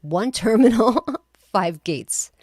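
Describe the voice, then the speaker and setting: A woman's voice: mid-range voice, expressive, slow, a little mellow, dry recording, clean studio sound. A woman chatting casually as a guest, talkative and opinionated. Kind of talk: casual chat.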